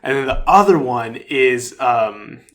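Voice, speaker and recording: A man's voice: mid-range voice, expressive, takes it slowly, fairly bright tone. A young man co-hosting a podcast, chatting casually and easily. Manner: easygoing, with lots of short agreeing replies. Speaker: podcast co-host. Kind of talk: casual chat.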